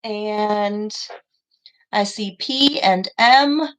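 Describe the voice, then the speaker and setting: A young woman teaching a second grade class over a live stream, praising students warmly and spelling things out slowly. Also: medium pitch. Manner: encouraging, slow and deliberate with children.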